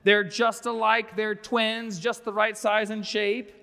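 A man's voice: high-pitched, level tone, takes it slowly, vocal fry, sharp tone. A man pastor giving a sermon, conversational with wry asides, in a church sanctuary. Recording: long reverb of a large sanctuary.

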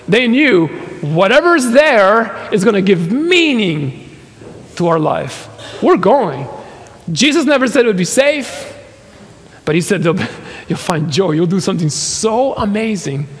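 A man's voice: high-pitched, fairly bright tone. A man in his fifties preaching a sermon in a church hall, telling a personal story with laughs and quoted voices. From Nicaragua and the US. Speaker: pastor.

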